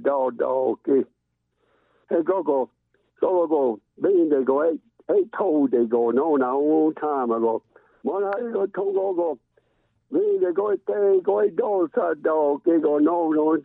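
A man calling in from his car to give a prayer, speaking haltingly and repeating words as he restarts. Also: mid-range voice, creaky, dry recording. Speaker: caller giving an opening prayer. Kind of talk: spoken prayer over the phone. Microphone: phone call. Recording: tinny dry phone line.

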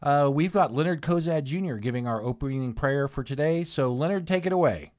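A man's voice: a little high, lively intonation, fairly quick, a little mellow. A man hosting a community radio show, announcing the sponsors and segments in a friendly way. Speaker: radio host.

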